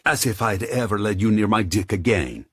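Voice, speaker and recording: A hotheaded young mafia heir snarls and spits Italian curses, his voice raised and lifted above the narrator's usual tone, as a man acts him out. The delivery is gravelly and a little husky, recorded dry and close. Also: low voice, sing-song, normal speed, dry recording, voice pushed up, heavily acted. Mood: snarling.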